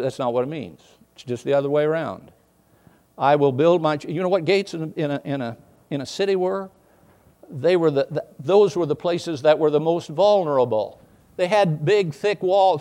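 A man preaching in a slightly high voice. He drops to quiet, low asides and then climbs into loud, emphatic bursts. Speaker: pastor. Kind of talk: sermon.

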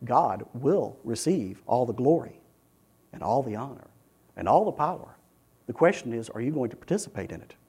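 A male pastor preaching a sermon, chanting repeated phrases with building intensity and dropping to a hush, speaking earnestly and directly to his listeners. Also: mid-range voice, big pitch swings, moderate pace, husky.

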